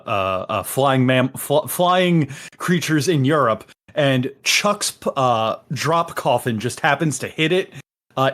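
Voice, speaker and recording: Halting male tabletop player. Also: mid-range voice, fairly bright tone. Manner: halting, many fillers and restarts. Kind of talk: casual tabletop game play.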